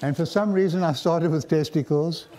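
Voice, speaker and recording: Older South African man, mellow voice. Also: fairly high pitch, some chatter behind, a little hiss or hum. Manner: reflective, wry, pausing often. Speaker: guest lecturer. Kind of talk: storytelling lecture.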